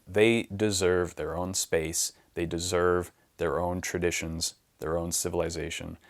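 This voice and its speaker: A man from the United States delivering an unscripted, impassioned monologue, insistent and repeating words for emphasis. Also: deep voice. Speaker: channel host.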